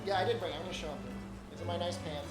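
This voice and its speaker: Over loud music, a high-pitched man talks very fast with fairly even intonation. He's streaming a game and chatting jokingly, rambling along with heavy use of "like."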